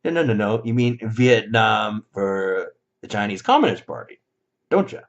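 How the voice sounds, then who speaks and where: A man with a fairly low voice delivers a heated, foul-mouthed opinion rant. He swings from muttered asides to sudden loud outbursts and slips into mocking voices to quote the people he scorns. The recording sounds dull and lo-fi. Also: big pitch swings, unhurried. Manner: mocking put-on voices when quoting others. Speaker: vlogger. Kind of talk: ranting opinion monologue.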